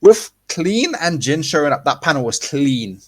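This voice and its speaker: A man co-hosting a casual podcast chat, rambling and animated, swearing freely and restarting his sentences often. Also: on the high side, moderate pace, breathy edge. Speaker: podcast co-host.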